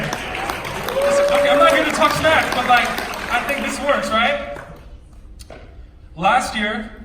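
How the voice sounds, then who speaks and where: Brief: young male stage speaker, high voice, energetic and joking, echoey hall with an audience. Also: far from the mic, heavy background noise. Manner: energetic, joking, chatty slang. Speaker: motivational speaker. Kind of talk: stage storytelling talk.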